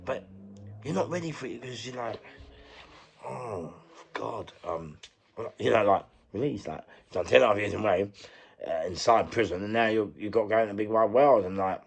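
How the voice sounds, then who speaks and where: A man's voice: fairly low pitch, lively intonation, fairly quick, creaky. A middle-aged man with a London accent, an interview guest who tells his story in a rambling, candid way, repeating himself, searching for words and swearing freely. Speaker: interview guest, former prisoner.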